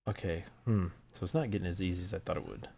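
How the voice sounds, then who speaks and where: Low, husky-voiced man streaming a game. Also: sing-song, quick pace, darkish tone. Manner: nervous, muttering to himself while clicking through files. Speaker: streamer playing a horror game. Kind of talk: let's play commentary. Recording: dull lo-fi stream audio.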